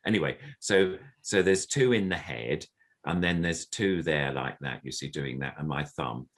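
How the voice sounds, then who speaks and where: A man's voice: very deep voice, normal speed, fairly bright tone. An older man, a veteran puppeteer, explaining his craft in an interview over a computer video call and now and then demonstrating little puppet voices. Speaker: puppeteer guest.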